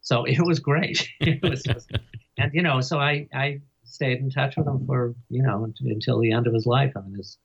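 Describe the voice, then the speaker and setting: Older male biographer, low husky voice, chuckling anecdotal delivery, muffled lo-fi recording. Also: steady tone. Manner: chuckles often, halting with fillers. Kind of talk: interview storytelling. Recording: dull lo-fi recording.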